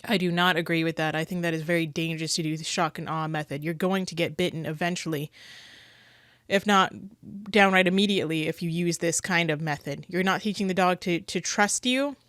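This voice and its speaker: A woman's voice: lowish voice, a little fast, fairly bright tone, no echo, clean studio sound. A woman giving casual, earnest commentary on dog-training clips, speaking critically and often restarting her sentences.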